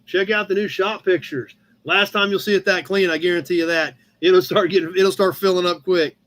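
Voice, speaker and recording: A Midwestern American man hosts a casual live-stream chat, his voice pitched high. He rambles easily through viewers' posts, sprinkling in fillers and thanking people by name. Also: steady tone, fairly quick, fairly bright tone. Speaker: host of a live car-hobby chat show. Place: home room with a cat nearby.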